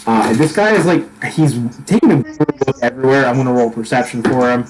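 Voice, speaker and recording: A man's voice: medium pitch, lively intonation, quick pace, poor audio. A young man narrating as dungeon master, who laughs often and restarts his sentences. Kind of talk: narrating a tabletop game.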